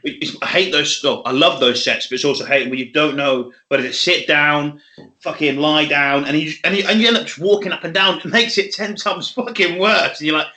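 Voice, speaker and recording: Bright-voiced, swearing young man. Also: a little high, fairly quick. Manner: swears a lot, laughs often, animated storytelling. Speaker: podcast co-host. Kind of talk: casual chat.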